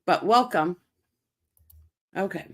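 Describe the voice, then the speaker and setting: A woman's voice: fairly low pitch, animated, slow pace. A woman hosting a casual livestream, commenting bluntly and with profanity on a press conference. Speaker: livestream host.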